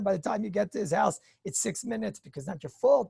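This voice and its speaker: A man, a rabbi, giving a Torah lecture, animated and acting out everyday dialogues, often clearing his throat and chuckling. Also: high-pitched, fast talker, hardly any pauses. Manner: animated, acts out hypothetical dialogues.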